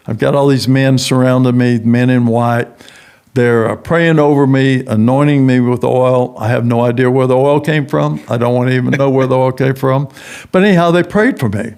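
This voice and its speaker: Gravelly-voiced man telling a story. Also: medium pitch. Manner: animated storyteller acting out quoted voices. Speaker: guest, prison ministry founder. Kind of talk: storytelling in a podcast interview.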